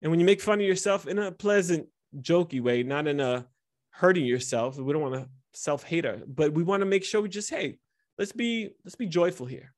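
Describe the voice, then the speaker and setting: A man in his thirties with a fairly high voice tells personal stories to a group. He talks openly and with feeling, and he acts out the moments as he tells them. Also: normal speed. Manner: candid, vulnerable, animated storytelling. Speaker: speaker teaching instructors. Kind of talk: personal storytelling talk.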